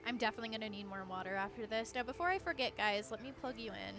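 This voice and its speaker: Chatty woman streamer, fairly high voice. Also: rapid-fire, music in the background. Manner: chatty, reacts aloud, hums to herself. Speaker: game streamer. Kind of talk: casual gameplay commentary.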